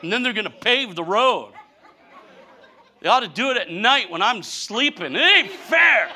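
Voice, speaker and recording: A man in his fifties, a pastor preaching a humorous sermon with animated, mock-whining storytelling and folksy speech. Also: high voice, normal speed, a little hiss or hum. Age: 50s.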